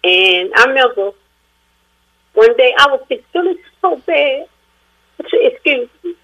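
A woman calling in to a radio program with a bright, forward voice pitched a little high. She speaks in a heartfelt, effusive way and often sounds close to tears, pouring out her thanks. Her words tumble out with deep feeling. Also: big pitch swings, a little slow, dull audio. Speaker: caller. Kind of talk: call-in radio talk.

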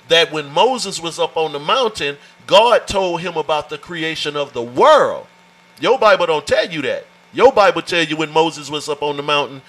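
A man's voice: fairly high pitch, a bit bright, low-quality recording. A man teaching a Bible study in an emphatic, folksy way, often calling out "watch this" and "amen" to his listeners. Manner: informal, folksy phrasing.

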